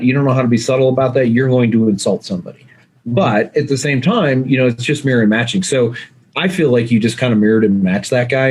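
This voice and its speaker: A man speaking as a communication coach and guest, giving emphatic, direct advice in a conversational way. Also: mid-range voice.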